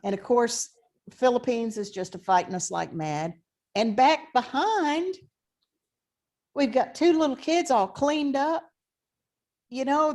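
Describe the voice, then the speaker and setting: A woman's voice: on the high side, darkish tone. A woman professor giving an online history lecture in a conversational way, thinking aloud with frequent fillers.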